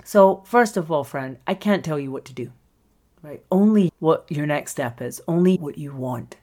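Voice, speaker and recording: A screenwriting coach hosts her solo podcast in an animated style, laughing a lot and acting out the voices of people she quotes. Her voice is deep and her pace normal.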